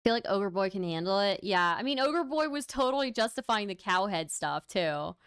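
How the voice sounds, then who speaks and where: A woman's voice: medium pitch, expressive, moderate pace, fairly bright tone, smooth, no echo, studio quality. A woman hosting a livestream in casual chat, wry and tired, laughing at her own jokes and thanking viewers for donations. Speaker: livestream host.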